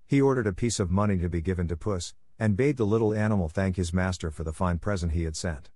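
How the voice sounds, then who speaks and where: A man's voice: low voice, quick pace, no room sound. Man reading a fairy tale aloud. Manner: steady, even storytelling. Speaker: narrator. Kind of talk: scripted audiobook narration.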